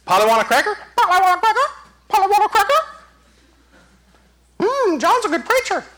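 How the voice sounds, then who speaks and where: A man voicing a chattering pet parrot with high squawky mimicry in a sermon. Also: huge pitch swings, brisk, pushed and bright, a little hiss or hum, exaggerated voice. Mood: mimicking.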